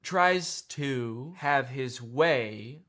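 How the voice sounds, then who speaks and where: A man's voice: medium pitch, drawn-out words, a bit bright. A young man giving comedic, sarcastic and exasperated commentary on a film. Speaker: commentary youtuber.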